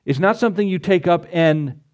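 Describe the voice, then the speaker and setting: Um pastor pregando um sermão num tom coloquial e popular, que cita e lê versículos da Bíblia. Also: male voice, sits high, fairly quick, darkish tone. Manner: folksy, conversational preaching with Bible readings. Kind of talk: sermon.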